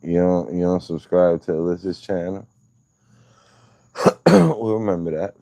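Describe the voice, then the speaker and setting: A man's voice: deep voice, a little slow, gravelly, mellow. A man hosting a casual livestream, teasing and joking with his viewers. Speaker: livestream host.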